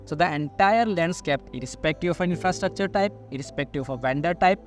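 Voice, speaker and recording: A man's voice: fairly high pitch, fast talker, soft background music. A man being interviewed as a sales manager, explaining in long, listing sentences that he keeps linking with "so". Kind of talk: business interview answers.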